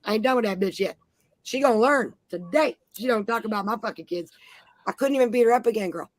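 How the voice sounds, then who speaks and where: A woman's voice: fairly high pitch, fast, no echo. A woman in her forties telling brash, profane stories in a casual chat. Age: 40s. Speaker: panel host.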